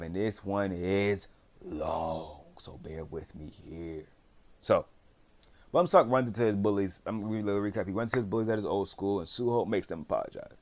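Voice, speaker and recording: A man's voice: fairly low pitch, darkish tone. A man casually recapping a TV series, rambling in slang and acting out what the characters say. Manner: slangy, rambling storyteller who acts out quotes. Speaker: drama reviewer.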